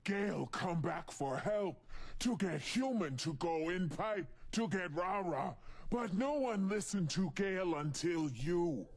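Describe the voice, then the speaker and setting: An actor playing a hulking, angry male mutant brute in a video game, who talks bluntly in broken grammar with a gravelly, husky voice. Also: high-pitched, lively intonation, exaggerated voice. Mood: demanding. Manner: blunt, threatening, slow and heavy.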